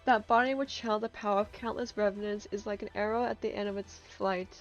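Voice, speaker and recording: A woman's voice: mid-range voice, lo-fi sound. A woman streaming a story game, reading its narration aloud and breaking into laughs and outbursts.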